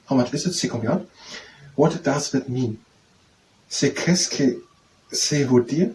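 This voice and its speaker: A man's voice: mid-range voice, darkish tone. Man sounding out phrases, mic far off. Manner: halting, repeats phrases slowly, thinks aloud. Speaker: language learner teaching himself. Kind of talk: practising French phrases aloud. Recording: distant mic with faint room noise.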